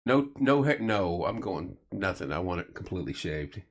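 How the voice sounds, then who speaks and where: Low-voiced man telling lively stories. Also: moderate pace. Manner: animated storyteller, acts out quoted voices. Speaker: host. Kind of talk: casual late-night chat.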